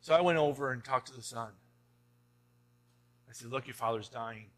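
Speaking at a moderate pace in a medium pitch, a pastor delivers a sermon to his congregation. He keeps it conversational, often dropping in "right?", then rises into emphatic urging.

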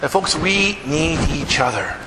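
High-voiced male pastor in an echoey hall. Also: animated, measured pace. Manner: conversational, asks the congregation "right?" often. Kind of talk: sermon. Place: church hall. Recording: echoey hall with room noise.

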